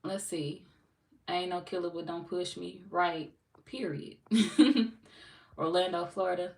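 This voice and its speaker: A woman's voice: lowish voice, steady tone, a little slow, a little mellow. A young woman with a St. Louis accent, chatting casually with her livestream viewers, loose, profane and joking. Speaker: tarot livestream host. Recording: roomy, distant from the mic, light noise.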